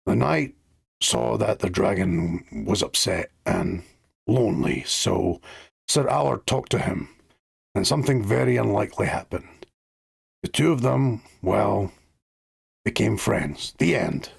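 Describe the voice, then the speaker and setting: A man voicing a gruff beast from a storybook who talks low and nervously. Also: animated, a little slow, exaggerated voice. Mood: shy. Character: grumpy, shy beast, big and gruff.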